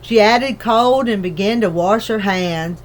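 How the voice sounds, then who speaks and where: A woman reading a children's book aloud in a gentle, unhurried storybook manner. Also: medium pitch. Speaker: narrator.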